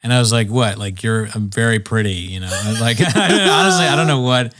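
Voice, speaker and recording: A man's voice: medium pitch, lively intonation, a little fast, a bit bright. A young man from Virginia, casually telling rambling comic stories on a podcast and acting out the people he quotes. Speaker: podcast co-host. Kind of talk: casual comedy podcast chat.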